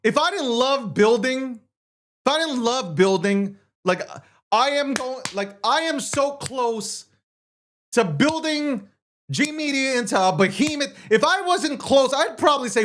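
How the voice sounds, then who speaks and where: A man's voice: very high voice, expressive, a little slow, fairly bright tone. A man hosting a show, ranting in heated, profane, sarcastic commentary. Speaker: show host.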